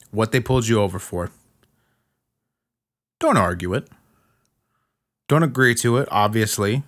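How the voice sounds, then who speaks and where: Emphatic man with a lively voice. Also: medium pitch. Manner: emphatic, gives blunt step-by-step instructions. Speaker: podcast host. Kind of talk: casual advice monologue.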